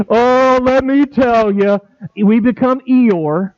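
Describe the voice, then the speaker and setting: A middle-aged pastor preaching a sermon, animated, acting out quoted conversations with big swings in voice. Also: male voice, very high voice, takes it slowly, no echo. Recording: dry, tinny phone-like sound.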